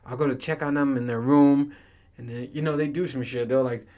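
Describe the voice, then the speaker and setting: A man's voice: mid-range voice, steady tone, a little fast, dark tone. A man in his thirties hosting a solo podcast, chatting casually in a rambling, profane way and laughing often. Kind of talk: casual monologue.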